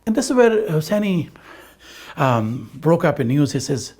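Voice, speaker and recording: A husky-voiced man tells a personal story in an interview, with his pitch swinging lively up and down. He trades quoted lines back and forth as he goes, and he sounds a little emotional. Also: unhurried. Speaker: interviewee recalling a friend.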